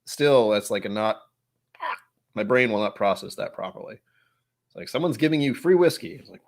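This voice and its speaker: A man's voice: lowish voice, expressive, brisk, vocal fry. A young man hosting a whiskey channel, chatting casually with his viewers in a rambling, self-mocking way. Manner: rambling, self-mocking, reacts aloud to chat. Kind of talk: casual livestream chat.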